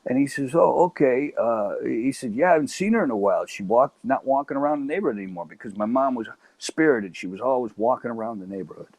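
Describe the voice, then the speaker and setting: Speaking fast with few pauses and no echo, this Chicago-accented man uses a mid-range voice as a podcast guest. He spins a comic tale, stumbling over words and repeating them while lively impressions bring the characters to life.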